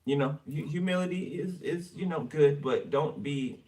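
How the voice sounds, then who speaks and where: A man's voice: fairly high pitch, moderate pace, dark tone, recorded from a distance. A man giving a casual tarot reading for viewers, chatty and blunt, swearing freely as he turns the cards. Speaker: tarot reader.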